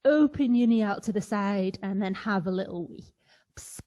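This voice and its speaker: Speaking at a moderate pace in a dark, mid-range voice, a woman teaches kids yoga, guiding children through a playful session with the occasional animal sound.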